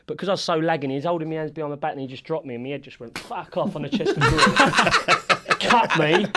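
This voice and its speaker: A man's voice: fairly high pitch, very animated, fast talker, a loud crowd. A man, a former footballer co-hosting a podcast, telling rowdy stories in casual chat, swearing freely and laughing as he goes. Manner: swears a lot, laughs through his stories. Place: studio.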